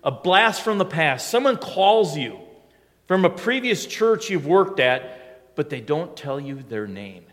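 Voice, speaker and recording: A man's voice: on the high side, very animated, measured pace, fairly bright tone, big-room sound. A male pastor preaching a sermon in a conversational, storytelling way that now and then swells into emphatic lines.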